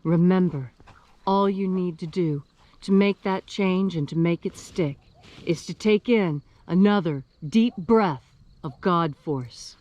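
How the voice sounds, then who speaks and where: A woman from West Virginia giving an earnest spiritual sermon with careful, deliberate diction. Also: fairly low pitch, a little mellow. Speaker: minister.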